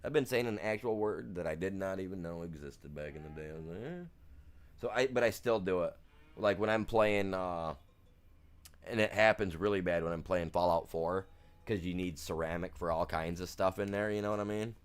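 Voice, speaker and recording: A man's voice: sits low, normal speed, clear, resonant tone. A man streaming a farming game, chatting casually in a laid-back, rambling, slangy way. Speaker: gaming streamer. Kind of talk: casual chat while gaming.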